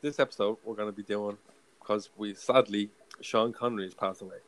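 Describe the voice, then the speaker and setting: A man hosting a casual podcast chat, chatty and quick to laugh. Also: on the low side, fairly even intonation, a bit bright. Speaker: podcast host.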